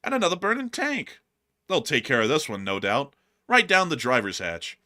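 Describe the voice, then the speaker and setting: A man's voice: mid-range voice, normal speed. A man co-hosting a casual news commentary stream, joking over war video clips and slipping into silly voices. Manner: animated, jokey, bursts into silly voices and laughs.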